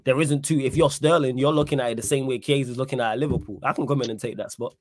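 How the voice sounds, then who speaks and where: A man's voice: mid-range voice, fairly even intonation, quick pace. A man hosting a casual football chat, wry and teasing. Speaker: podcast host.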